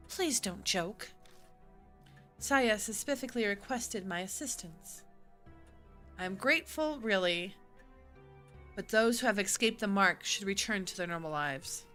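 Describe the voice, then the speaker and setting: A woman's voice: mid-range voice, fairly bright tone. A woman streaming a visual novel, reading its lines aloud and chatting between them. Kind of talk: casual game stream, reading dialogue with character voices.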